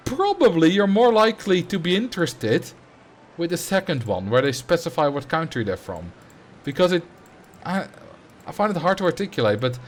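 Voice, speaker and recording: A Dutch streamer from the Netherlands chats casually on his livestream, musing and thinking out loud. His voice is fairly high, with a little hiss or hum in the audio.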